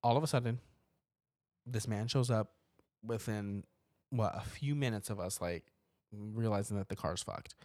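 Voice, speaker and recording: A podcast co-host in casual chat about a horror movie, animated and laughing often, bursting into loud acted-out reactions. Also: medium pitch, normal speed, pauses often, dry recording.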